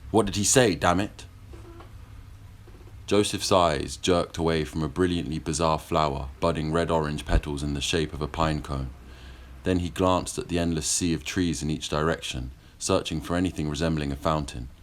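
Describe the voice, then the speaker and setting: A man with an extremely deep voice narrates a historical novel as an audiobook. His reading is measured and steady. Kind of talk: scripted narration.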